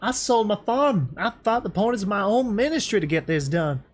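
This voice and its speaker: A proud, hot-tempered country pony mare from a storybook reading speaks in folksy country talk, as a man voices her. Her voice sits high, and her temper runs close to the surface. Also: lively intonation, fairly quick, faint music behind. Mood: raging. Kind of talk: fan fiction read aloud.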